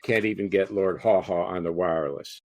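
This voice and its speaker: A man's voice: low voice, steady tone, moderate pace, darkish tone, a little hiss or hum. A man reading aloud the words of a modest, self-deprecating wartime touring entertainer in his own plain voice, earnest and conversational. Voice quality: plain voice, no accent attempted.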